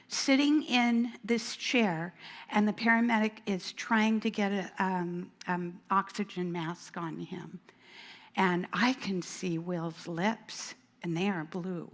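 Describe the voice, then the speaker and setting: A woman who worked as a school administrator, telling a lively story at a church event and voicing the people in it, including a small child. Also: medium pitch. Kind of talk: storytelling talk at a women's event. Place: church hall.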